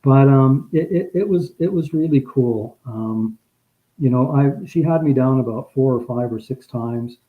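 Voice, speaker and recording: A man appearing as a guest tells a personal story in a loose, rambling way, often restarting and repeating himself, and becomes emotional as he remembers. He has a medium pitch and speaks a little slowly, over dull, lo-fi audio.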